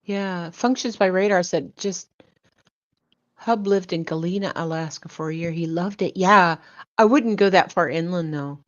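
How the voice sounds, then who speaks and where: An older woman hosting a casual chat, relaxed and rambling with frequent ums. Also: fairly low pitch, moderate pace. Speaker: host. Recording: dull lo-fi audio.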